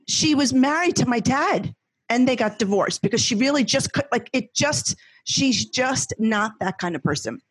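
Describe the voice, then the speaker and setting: Middle-aged woman, guest, husky voice, dry close sound, animated rambling storyteller. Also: on the high side, measured pace, no room sound. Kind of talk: casual chat.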